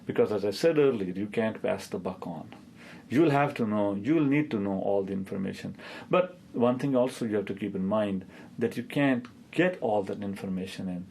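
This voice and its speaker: A man's voice: on the low side, moderate pace, creaky, darkish tone, husky. A man in his fifties, a rheumatologist, answering interview questions and telling stories with a hesitant delivery full of filler sounds.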